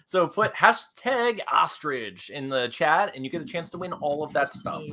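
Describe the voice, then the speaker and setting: A young man co-hosting a live comics stream, rambling and excitable, laughing often. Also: fairly high pitch, moderate pace, hardly any pauses, background noise. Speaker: co-host of a comics show.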